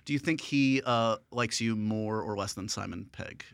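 A male podcast host in casual interview chat, playful and quick with jokes, laughing often with his guest. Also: lowish voice, fairly bright tone, clear, resonant tone, dry recording.

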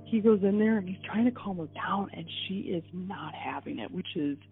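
An animated woman, a wife and mother, recounts events in recorded interview testimony at normal speed. She acts out dialogue with swings in pitch. The audio is thin and tinny like a phone, with faint music and a little hiss or hum.

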